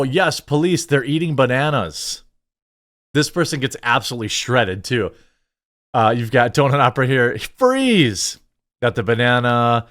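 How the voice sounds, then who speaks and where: A man's voice: medium pitch, sing-song, a little slow, a bit bright. A man hosting a reaction commentary show, sarcastic and mocking, stammering through restarts. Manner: sarcastic and mocking, bursts of laughter.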